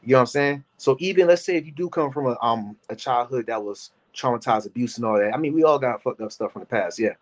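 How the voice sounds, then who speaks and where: A man in his thirties giving casual reaction commentary, animated and rambling, talking to his chat by name. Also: medium pitch, fast talker, hardly any pauses. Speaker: commentary host.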